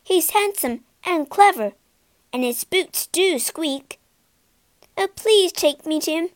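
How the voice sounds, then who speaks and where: Lady doing a high little girl voice, begging and hopeful, slow and careful. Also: expressive, dry recording, heavily acted. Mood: eager. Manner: eager and pleading. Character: young girl, eager, pleading and tearful.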